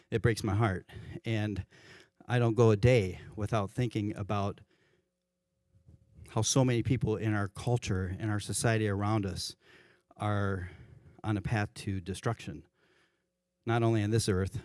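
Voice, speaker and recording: A worship pastor giving a conversational church sermon, often correcting himself mid-sentence. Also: male voice, fairly low pitch, a little mellow, dry recording, studio quality. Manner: conversational, self-correcting, chuckles at his own examples. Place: church sanctuary.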